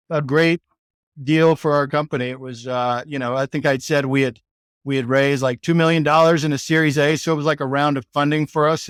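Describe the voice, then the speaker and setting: A man's voice: on the high side, clean tone, no room sound, clean studio sound. A man with a Texan accent, a podcast guest telling a story in a loose, rambling way full of "like" and "you know". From Texas, United States. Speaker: podcast guest, sales executive. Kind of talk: casual storytelling interview.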